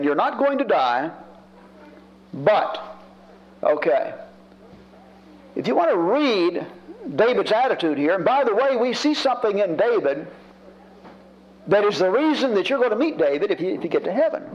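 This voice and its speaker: A man delivers a sermon in a lively, high-pitched voice that rises and falls freely. He talks to his listeners plainly and builds his points through repetition. The recording sounds dull and lo-fi. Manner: conversational preaching, emphatic repetitions. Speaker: preacher.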